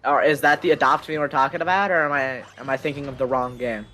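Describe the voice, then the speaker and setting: A man's voice: medium pitch, steady tone, quick pace, pushed and bright. A man streaming a speedrun, chatting casually and teasing while he plays. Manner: joking, offhand, teasing. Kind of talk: casual chat while gaming.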